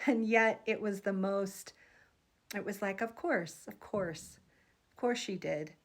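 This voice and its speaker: A woman in her thirties talks straight to her viewers in an earnest, heartfelt vlog. Her voice sits at an ordinary middle pitch, and she tells her story with open feeling. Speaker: psychic vlogger. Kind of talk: casual vlog monologue.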